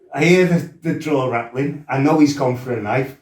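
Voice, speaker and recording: A man's voice: medium pitch, normal speed. Blunt, sweary man, roomy sound. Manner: animated, blunt and sweary, acts out his own shouts. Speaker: former fighter telling his life story. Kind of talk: casual storytelling interview. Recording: roomy, mic set some distance off.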